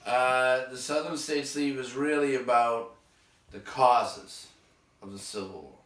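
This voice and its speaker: Wry Boston teacher reading aloud. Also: male voice, mid-range voice, fairly even intonation, a little slow, a bit bright, distant mic. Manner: wry, sardonic asides. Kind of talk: reading a textbook aloud with asides. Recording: echoey room, voice off-mic.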